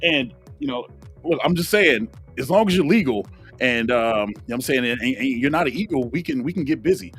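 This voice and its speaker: A man's voice: mid-range voice, lively intonation, brisk, a bit bright, faint music behind, close to an everyday voice. Man doing a rambling joke dating-ad voiceover. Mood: joking. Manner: live voiceover, rambling and casual. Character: man reading a joking dating ad.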